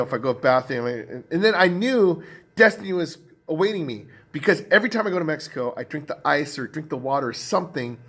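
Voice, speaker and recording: Rambling, animated man vlogging. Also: mid-range voice. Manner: rambling, animated, lots of fillers and restarts. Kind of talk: casual storytelling vlog.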